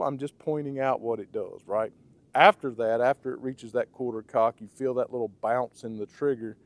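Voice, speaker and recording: A firearms reviewer gives a casual, hands-on product review in a raspy, hoarse voice from blocked sinuses. He speaks conversationally at a medium pitch, tacking "okay?" and "right?" onto his points, with no room sound.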